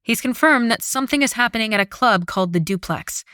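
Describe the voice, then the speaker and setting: A woman voicing a brisk female operations officer. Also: a little high, expressive, bright, forceful tone, no echo, clean studio sound, pitched above the performer's own voice. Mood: commanding. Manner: brisk, commanding.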